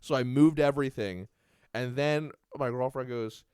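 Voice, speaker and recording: A man's voice: medium pitch, normal speed, a little mellow, smooth, dry recording, studio quality. A young man co-hosting a podcast who tells stories with animation and acts out the lines he quotes. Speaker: podcast co-host. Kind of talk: casual comedic chat.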